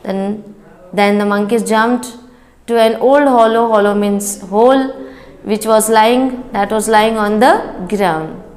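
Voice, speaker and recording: A woman's voice: medium pitch, steady tone, slow pace, darkish tone. A woman teacher reading a story aloud to young children, rereading lines, explaining word meanings and chanting the sound words in a sing-song rhythm. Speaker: school teacher.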